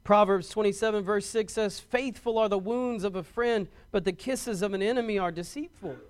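A middle-aged pastor preaches in an emphatic, driving style. He repeats words as he builds his points and rises to loud stresses. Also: high voice, moderate pace, clean tone. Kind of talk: sermon.

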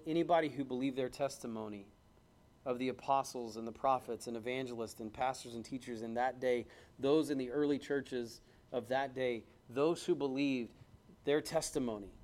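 At a church service, a man preaches and quotes the Bible in old King James wording. He moves back and forth between loud, fast exclamations and low, hushed points of emphasis.

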